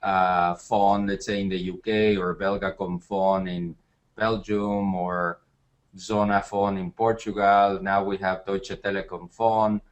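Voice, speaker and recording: A man answering interview questions as an entrepreneur, calm and matter-of-fact. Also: sits low, slow. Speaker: entrepreneur guest.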